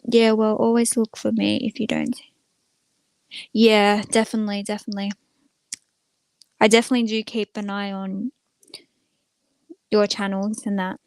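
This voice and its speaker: A woman's voice: mid-range voice, flat delivery, normal speed, vocal fry, pauses often, a little mellow, dry recording. Woman just chatting on a home live stream, wanders off topic a lot, lots of likes and ums, dry close sound. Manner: rambling, many filler words, chatting to viewers. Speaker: small channel live streamer. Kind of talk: casual live stream chat. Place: room at home with the door closed.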